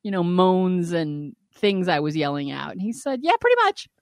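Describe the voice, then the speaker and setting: A woman co-hosting a candid casual chat, telling stories with animated swoops and frequent laughs. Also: lowish voice, normal speed, no room sound, studio quality. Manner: animated storyteller, swoops up when quoting; laughs often. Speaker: podcast co-host.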